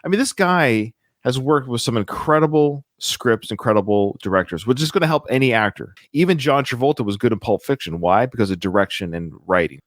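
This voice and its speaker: A man's voice: medium pitch, lively intonation, fairly quick, hardly any pauses, no echo, studio quality. A man hosting a casual film podcast, talking with enthusiasm and reeling off lists of film titles. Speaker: podcast host.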